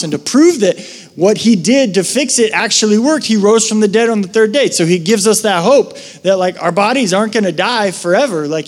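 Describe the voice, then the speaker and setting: A man with a high voice delivers a sermon like a story told to friends. He is a middle-aged pastor who keeps dropping quick, casual asides.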